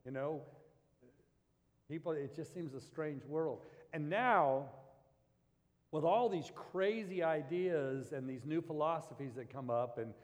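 A man's voice: a little high, unhurried. A man preaching as pastor, talking in a loose, conversational way with restarts and asides. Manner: conversational, rambling storytelling with restarts. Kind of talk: sermon. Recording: long hall reverb.

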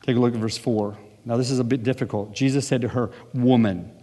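A man's voice: medium pitch, steady tone, quick pace, dark tone, big-room sound. A man preaching a sermon earnestly, with conversational asides. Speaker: pastor.

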